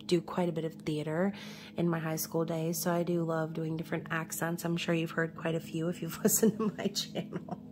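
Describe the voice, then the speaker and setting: Lowish-voiced woman from new york doing a chatty tarot reading, keeps saying okay, bit of faint hum behind. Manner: chatty, reassuring, frequent "okay?" check-ins. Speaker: tarot reader.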